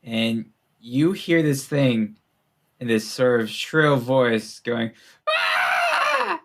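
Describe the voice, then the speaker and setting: A man's voice: mid-range voice, slow pace, very noisy. A young man runs a tabletop game in a loose, casual way. He narrates with plenty of fillers and laughs easily between lines. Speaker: game master.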